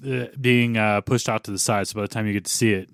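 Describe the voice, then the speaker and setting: A man co-hosting a podcast, chiming in with laid-back, quick asides. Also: fairly low pitch, fairly even intonation, creaky, smooth, dry recording, clean studio sound. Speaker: podcast co-host. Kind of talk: casual chat.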